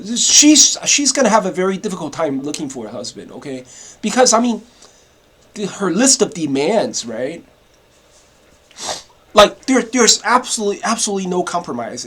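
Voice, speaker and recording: A man with a notably high voice delivers a casual vlog rant. He rambles, doubles back on his words and stammers through restarts, with occasional profanity. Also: slightly rough. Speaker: vlogger. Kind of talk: casual ranting monologue.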